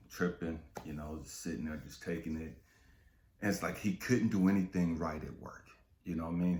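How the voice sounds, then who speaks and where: A man's voice: rumbling low, a little mellow. A man, a spiritual coach, telling a motivational story in a street-casual, profane way, often checking in with his listeners. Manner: street-casual, profane, keeps asking "you know what I mean". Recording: roomy echo.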